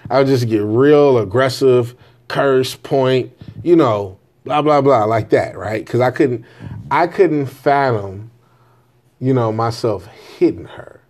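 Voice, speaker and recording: This father in his forties speaks at a medium pitch, slowly and a little mellow, in a casual monologue to camera about his parenting views. His story of raising his children is blunt and candid, full of profanity and constant "right?" check-ins.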